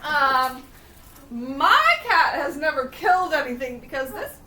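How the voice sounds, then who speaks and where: A woman's voice: high voice, lively intonation, unhurried, sharp tone, far from the mic. A woman co-hosting a podcast, chatting casually and animatedly, who swears freely and acts out quotes. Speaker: podcast co-host. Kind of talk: casual chat. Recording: roomy, from off-mic, faint room noise.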